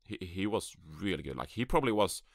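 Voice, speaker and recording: A man's voice: low-pitched, very animated, a little fast, vocal fry, no echo, studio quality. A man hosting his first solo esports podcast from a closet on a USB microphone, rambling and offhand, with self-deprecating asides. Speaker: podcast host. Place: small closet.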